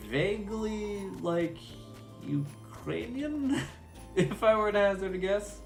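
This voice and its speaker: A man's voice: high-pitched, takes it slowly, faint music behind. A male voice actor streamer chatting casually while playing a game, laughing at himself.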